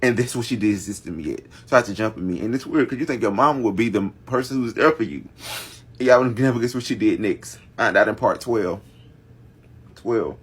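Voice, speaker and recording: A man's voice: fairly low pitch, brisk, fairly bright tone, breathy edge. Guy doing a dramatic storytime, chatty, talking right at the camera. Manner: dramatic, addresses viewers directly. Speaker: storytime vlogger. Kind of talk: casual storytime monologue.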